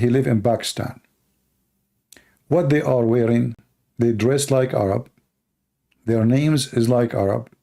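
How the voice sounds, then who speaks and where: A man's voice: mid-range voice, gravelly, mellow. A man whose first language is Arabic, hosting a live stream and answering viewer questions bluntly and emphatically, often repeating himself. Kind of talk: casual live-stream talk.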